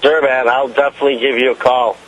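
A man's voice: medium pitch, flat delivery, fast, fairly bright tone, muffled recording, a little hiss or hum. A man, a band member guest on a radio show, chatting in a friendly, upbeat way. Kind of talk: casual interview chat.

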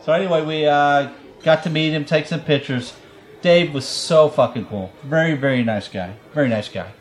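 A man's voice: a little high, moderate pace. A man casually telling a long story on a podcast, rambling, swearing and laughing often.

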